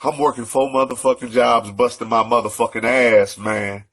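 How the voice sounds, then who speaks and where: An out-of-breath man in an angry, profane rant, repeating himself and building to shouting. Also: mid-range voice, level tone, normal speed. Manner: profane, repetitive, escalating to shouting.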